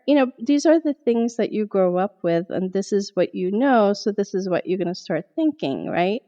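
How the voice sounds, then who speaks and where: A middle-aged woman, a therapist guest on a podcast, telling a personal story in an animated way and acting out her own past thoughts. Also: medium pitch, moderate pace, highs cut off.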